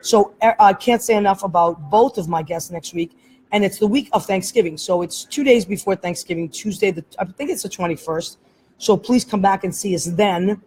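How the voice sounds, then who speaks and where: A woman's voice: mid-range voice, moderate pace, warm tone, low-quality recording. A woman hosting a casual talk show, chatting in a rambling way and laughing often. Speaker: host. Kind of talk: casual chat. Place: airport, live streamed on camera.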